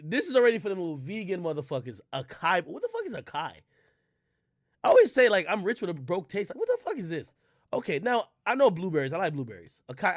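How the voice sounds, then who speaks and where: A man streaming casual commentary, reading a menu aloud and ranting in loud, profane disbelief. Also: on the high side, dry recording, studio quality.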